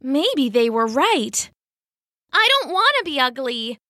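A sweet little frog girl with a high, chirpy croak, as a woman puts her on for a storybook. Her voice leaps up and down with eager, wide-eyed feeling. The sound is dry and close. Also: sing-song, slow pace, bright, forceful tone, no echo, heavily acted. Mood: sad.

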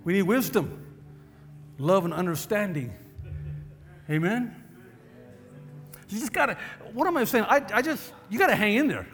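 A man's voice: high-pitched, animated, fairly quick, long pauses, fairly bright tone, big-room sound, faint music behind, some chatter behind. A male preacher giving an emphatic, exhorting sermon and calling for amens.

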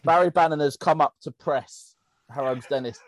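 A man's voice: on the high side, normal speed. A man, co-hosting a casual football podcast and telling stories with bursts of laughter. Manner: animated, laughing storyteller. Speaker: podcast co-host.

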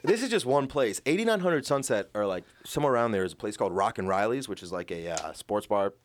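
A man's voice: fairly low pitch, animated, fast, slight background noise. A man from Rhode Island co-hosting a podcast, telling rambling, profane stories full of fillers in casual chat.

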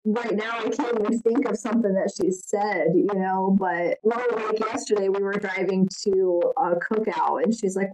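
A woman's voice: mid-range voice, fairly even intonation, normal speed, few pauses, darkish tone, poor audio. A woman podcast co-host in casual chat, telling rambling stories as a mom. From Ohio. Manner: rambling storyteller, mom talk. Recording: audio with clear background noise.

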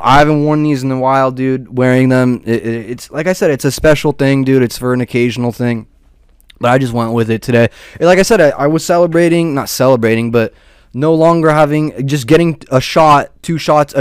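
A man's voice: medium pitch, clear, resonant tone, no room sound, clean studio sound. A young man rambling casually and profanely, peppering his talk with "dude" and "man". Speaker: podcast host.

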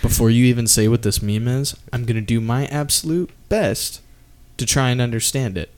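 A man's voice: mid-range voice, normal speed, a loud crowd. A young man chatting casually with friends on a podcast, laughing and swearing as he tells stories. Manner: laughing, swearing, slips into mock Canadian drawl. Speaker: podcast co-host. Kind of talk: casual chat among friends.

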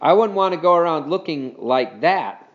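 A man's voice: on the high side, lively intonation, normal speed, dull audio, lightly acted. A man reading a storybook, voicing an eager, curious young boy. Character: curious, excited boy Robert.

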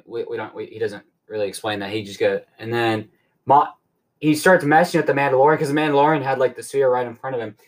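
A young man hosting a podcast, rambling excitedly through a casual recap and swearing often. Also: medium pitch, quick pace. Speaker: podcast host.

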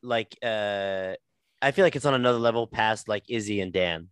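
A man's voice: on the low side, normal speed, a bit bright, clear, resonant tone, no echo. A man co-hosting a casual chat, talking with enthusiasm and rambling a little. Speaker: podcast co-host.

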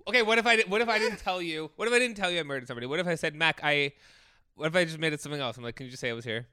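A young man co-hosting a casual podcast chat, an animated storyteller with crude humor. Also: fairly high pitch, rapid-fire, clear, resonant tone, dry recording, clean studio sound. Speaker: podcast co-host.

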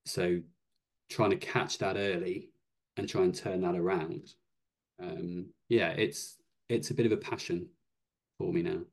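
Man, deep voice, podcast guest, halting, stammers. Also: fairly even intonation, vocal fry. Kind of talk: casual interview talk.

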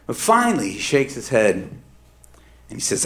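A middle-aged man telling a personal true story on stage, emphatic and swinging between hushed and heated. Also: medium pitch, huge pitch swings, moderate pace.

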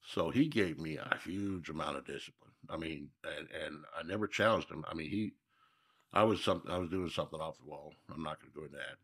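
A man's voice: extremely low pitch, brisk, fairly bright tone, breathy edge. A man from Minnesota, a guest telling stories in a casual interview, reflective and folksy with emphatic repeats.

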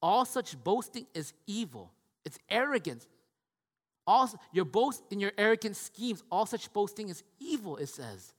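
A middle-aged man preaching a sermon as a pastor, animated and repetitive, acting out quoted voices. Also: high voice, normal speed, in a large hall.

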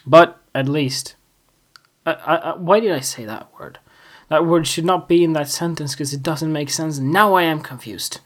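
A man's voice: on the high side, moderate pace, fairly bright tone. A man hosting his own solo podcast, rambling and self-mocking, laughing at his own jokes. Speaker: podcast host.

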